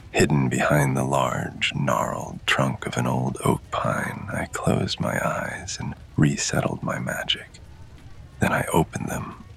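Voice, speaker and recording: A man narrating in first person as a winged fae lover, in a whispered role-play with close, intimate, breathy delivery. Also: extremely low pitch, fairly bright tone.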